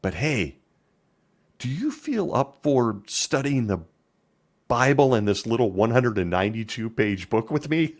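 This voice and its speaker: A man's voice: medium pitch, pitched above the performer's own voice. A man voicing a mock-cheerful traveler who chattily pushes a Bible study on a dying stranger, a sarcastic parody.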